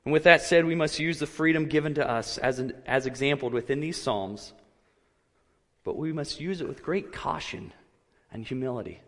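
A man preaching a sermon, earnest and measured, his voice rising when he quotes cries of anguish. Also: on the high side, fairly bright tone, in a large hall. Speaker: pastor.

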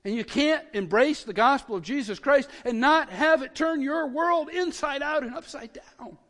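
Male pastor, sermon delivery, high voice, excitable, stumbles over repeats, long hall reverb. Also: moderate pace. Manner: excitable, repeats words when worked up.

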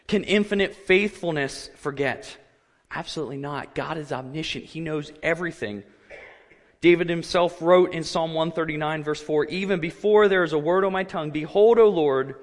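A man preaching a sermon, earnest and measured, his voice rising when he quotes cries of anguish. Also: fairly high pitch, big-room sound. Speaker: pastor.

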